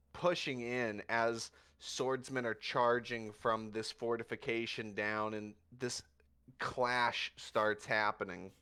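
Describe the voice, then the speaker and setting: Man, game master, tabletop narration, slow delivery, bright, smooth resonant tone. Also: mid-range voice. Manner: slow, vivid scene narration.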